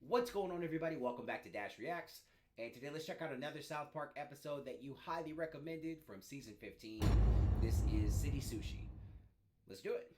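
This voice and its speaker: A man's voice: on the high side, animated, quick pace. A man hosting a reaction video, talking casually and upbeat between clips. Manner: upbeat, talkative, laughs often.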